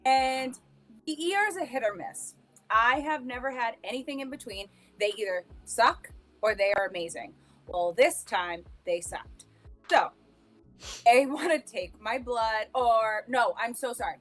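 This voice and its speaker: A woman's voice: on the high side, animated, unhurried, a bit bright, soft background music. A woman co-hosting a podcast, telling her own stories in casual chat, rambling with restarts and laughing at herself. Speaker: podcast co-host.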